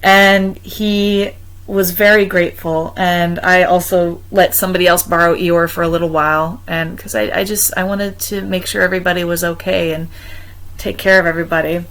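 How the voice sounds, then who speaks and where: A woman's voice: normal speed, low-quality recording. Chatty young woman telling a story. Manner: chatty, many ums and restarts, bursts into high excited quoting. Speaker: vlogger. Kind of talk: casual personal storytelling.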